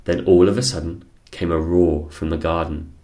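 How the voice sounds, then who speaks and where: A man reading a children's picture book aloud, unhurried and expressive. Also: low voice. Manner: unhurried, expressive, sing-song storytelling. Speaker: storyteller.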